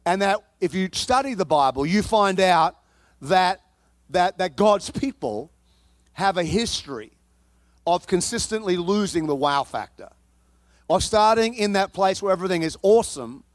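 A male pastor preaching a sermon, telling a personal story in an animated, comic way and often repeating and restarting his words. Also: sits high, dry recording.

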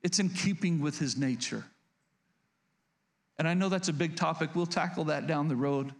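A man's voice: fairly high pitch, normal speed. A man preaching a sermon as pastor, speaking earnestly and confessionally, often restarting and asking the congregation questions.

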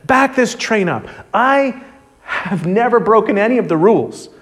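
A man's voice: high-pitched, lively intonation, measured pace, a bit bright. A man preacher voicing a resentful, self-righteous older brother from a parable. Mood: indignant. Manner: indignant, complaining.

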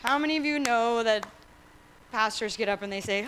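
A woman pastor preaching a sermon in an animated way, acting out quotes and asking the congregation questions. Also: a little high, normal speed, clean tone, poor audio.

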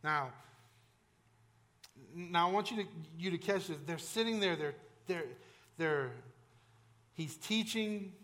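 A man's voice: sits high, slow, pauses often, a bit bright. A male pastor preaching a sermon in a conversational, emphatic way, with frequent restarts and asides to the congregation.

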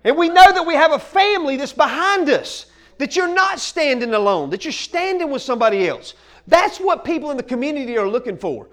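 High-voiced excitable pastor. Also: male voice, brisk. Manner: excitable, shouting bursts, folksy "man" fillers. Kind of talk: energetic sermon.

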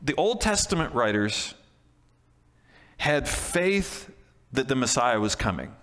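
A man's voice: medium pitch, very animated, takes it slowly, a bit bright, long reverb tail. A man preaching a sermon as pastor, talking in a conversational way with frequent restarts and emphatic repeats. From Canada.

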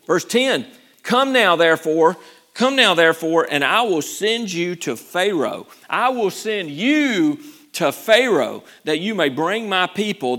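A man preaching a sermon, acting out the scripture scenes with lively, shifting delivery. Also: high-pitched. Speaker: pastor.

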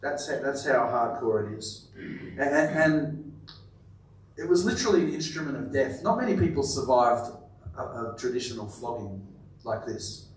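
A man's voice: medium pitch, lively intonation, moderate pace, distant mic, slight background noise. Man preaching in a very echoey room. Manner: emphatic, repeats words, drops to quiet emphasis. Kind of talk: sermon.

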